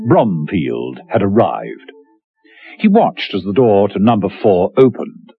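A man tells a radio drama in measured, scripted narration, his low voice husky and very lively in pitch. The sound is tinny and narrow, with faint music underneath.

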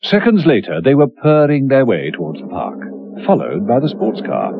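A man narrating a radio drama in measured, scripted storytelling. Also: medium pitch, huge pitch swings, creaky, slightly rough, no room sound, phone-quality sound.

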